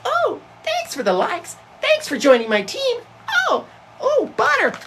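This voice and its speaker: A man voicing a parody of a giggly female livestreamer in a slow, sing-song squeal. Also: very high voice, wildly swooping pitch, a bit bright, a little hiss or hum, voice pushed up, heavily acted.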